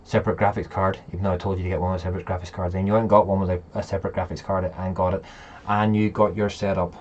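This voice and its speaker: A man's voice: low-pitched, little pitch movement, very fast, darkish tone, muffled recording, slight background noise. A man hosting a casual live chat, rambling and talking straight to his viewers. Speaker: livestream host.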